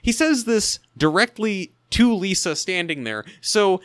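A man recaps a sitcom episode with a podcast co-host, wry and quick with critical asides. His voice is bright and sits a little high, jumping all over its range. The sound is dry and close, with no room around it. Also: expressive, dry recording. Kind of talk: casual chat recapping a TV episode.

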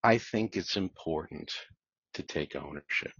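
A man working as a divorce mediator, talking thoughtfully in a podcast interview, with a measured delivery that repeats words as he restarts. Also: very deep voice, fairly bright tone, slightly rough, dry recording. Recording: dull lo-fi dry sound.

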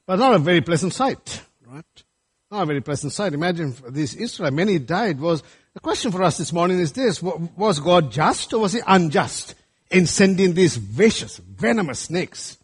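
A male preacher delivers a sermon in a slightly raised, husky voice. He talks to the congregation with lively asides, often asking "right?" and calling them friends. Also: high voice, moderate pace. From Sri Lanka. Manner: animated, often asks listeners "right?" and calls them friends.

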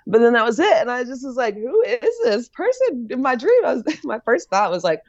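A woman's voice: fairly high pitch, very animated, quick pace. An American woman, a fiber artist, telling a long personal story in a casual interview, slipping into quoted voices, with lots of fillers and laughs. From United States. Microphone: video call. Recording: dull lo-fi sound.

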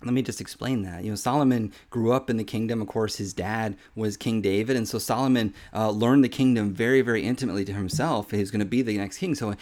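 A man's voice: lowish voice, quick pace, few pauses, a little mellow. A man in his thirties giving an informal podcast sermon, earnest and conversational, often saying "man" and repeating himself. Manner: earnest, conversational, says "man" often, with repetitions and little laughs. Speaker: podcast Bible teacher.

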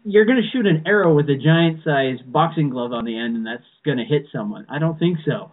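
A man's voice: fairly high pitch, animated, a little fast. A man chatting casually as a podcast co-host, rambling with frequent restarts and fillers. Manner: rambling, many restarts and "you know"s. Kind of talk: casual fan chat. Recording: tinny phone-like sound.

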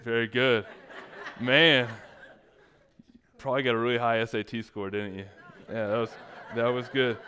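A man's voice: medium pitch, level tone, moderate pace, pauses often, sharp tone. A man preaching as a pastor, joking and teasing his congregation between points. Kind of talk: sermon with playful asides.

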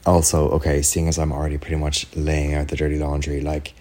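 A man's voice: extremely low pitch, completely flat delivery, fairly quick, mellow. An Irish man hosting a podcast, telling a story in a chatty, rambling way, full of "like" and "do you know what I mean". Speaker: podcast host. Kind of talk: casual solo chat.

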